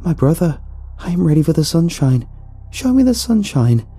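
A man voicing a dazed woman cult follower who sings hymns ecstatically in a high sing-song voice. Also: sing-song, moderate pace, creaky, mellow, husky, soft background music, exaggerated voice. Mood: ecstatic.

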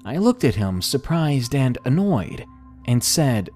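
A man narrating a scary story in slow, expressive storytelling. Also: mid-range voice, soft background music. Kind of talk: scripted horror story narration.

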